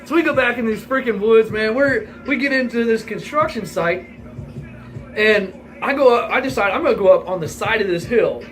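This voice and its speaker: A man's voice: sits high, moderate pace, faint music behind, poor audio. A man in his forties telling a rambling, profane story in a casual vlog, laughing as he goes. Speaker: vlogger.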